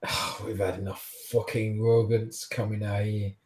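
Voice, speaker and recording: A man voicing a rough, burly Scottish male garage thug with a thick, mumbled, swearing way of talking, in a roleplaying game. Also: lowish voice, flat delivery, moderate pace, a little mellow, roomy sound, natural voice. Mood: scornful.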